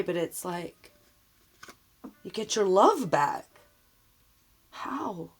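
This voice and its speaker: A woman's voice: lowish voice, very animated, husky. A woman giving a tarot reading, speaking earnestly and emotionally straight to the viewer. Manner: slow, emotional, earnest, addressing the viewer directly. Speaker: tarot reader.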